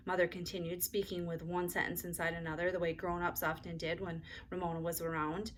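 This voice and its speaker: A woman teacher narrating a children's chapter book aloud in an even, expressive way. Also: lowish voice, brisk, few pauses, a little hiss or hum. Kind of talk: storybook read-aloud.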